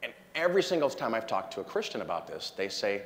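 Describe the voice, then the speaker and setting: A man giving a humorous conference talk to a live audience, telling an animated story. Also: fairly low pitch, fast, hardly any pauses. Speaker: conference speaker. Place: large conference hall. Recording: long hall reverb from a lecture hall.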